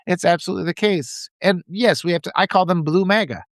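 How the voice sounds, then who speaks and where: A livestream host with a high voice talks fast, delivering impassioned political commentary and reading viewers' chat aloud, often repeating phrases for emphasis. The recording is dry and studio quality.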